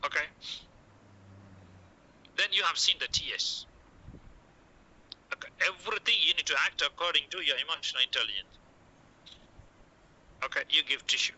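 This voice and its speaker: A man's voice: a little high, expressive, moderate pace, long pauses, bright, forceful tone, slightly rough, low-quality recording. A man teaching how to break bad news to patients. He talks in short coaching phrases, says "okay" again and again, and acts out the doctor's lines. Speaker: medical communication teacher. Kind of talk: classroom lecture.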